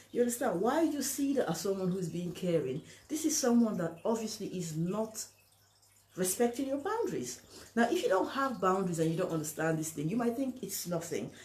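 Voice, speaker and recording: A woman's voice: medium pitch, a little mellow. A woman talking to camera and giving relationship advice, speaking emphatically and acting out the lines other people say. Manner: emphatic, acts out quoted lines, asks "you understand?". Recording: echoey room.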